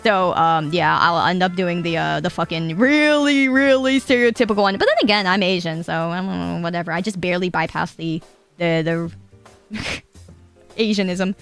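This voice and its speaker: A woman's voice: fairly low pitch, fairly bright tone. A young Japanese woman chatting casually to her live-stream chat, giggly and rambling, swearing now and then. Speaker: VTuber streamer.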